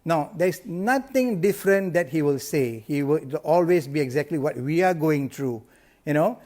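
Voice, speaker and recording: Middle-aged guy pepping up sales agents, bit high voice, punchy and repetitive. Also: moderate pace. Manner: energetic, emphatic, repeats key lines. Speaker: insurance sales coach. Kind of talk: motivational live talk.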